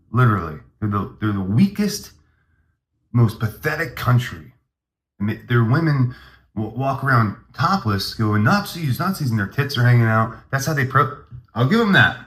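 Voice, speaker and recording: A man's voice: mid-range voice, a bit bright, roomy sound. A man hosting a comedy podcast, rambling through a mock-grandiose, hyped monologue.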